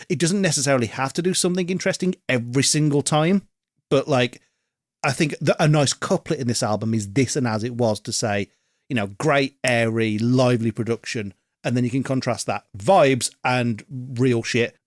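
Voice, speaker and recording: A man's voice: medium pitch, dry recording, studio quality. A man co-hosting a podcast, giving thoughtful casual opinions on an album, hedging with ums and restarts and swearing now and then. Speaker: podcast co-host. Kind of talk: casual music review chat.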